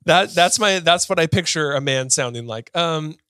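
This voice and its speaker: A man's voice: a little high, lively intonation, normal speed, a bit bright, clear, resonant tone, no echo, studio quality. A man co-hosting a podcast, talking in an earnest, rambling way and often correcting himself mid-sentence. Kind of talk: casual conversation.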